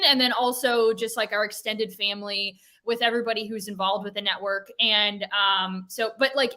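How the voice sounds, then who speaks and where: A young woman co-hosts a sports chat show, rambling with lots of fillers and gentle teasing. Her voice is bright and forceful. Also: fairly high pitch. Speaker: co-host. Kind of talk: casual chat.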